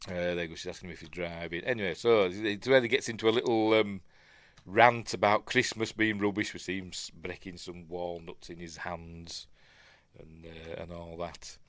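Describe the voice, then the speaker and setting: This middle-aged Yorkshireman, a film review host with a Yorkshire accent, meanders through a chatty commentary peppered with self-deprecating asides. His low voice has fairly even intonation, a moderate pace and a fairly bright tone, with no room sound.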